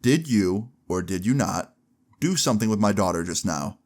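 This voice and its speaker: A man's voice: fairly low pitch, animated, normal speed, darkish tone, natural voice. A man voicing an angry middle-aged father who swears and interrogates in a menacing way. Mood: stern.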